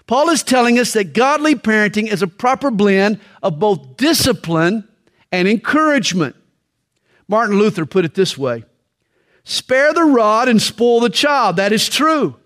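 A middle-aged man preaching a sermon on parenting, telling stories with dramatic pauses and slow, weighty emphasis. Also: high-pitched, very animated, a bit bright. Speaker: pastor.

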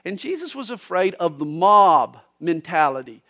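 Pastor, male, high-pitched, folksy joke-telling radio preacher. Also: normal speed. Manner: folksy storytelling, animated preaching. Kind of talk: radio sermon with jokes.

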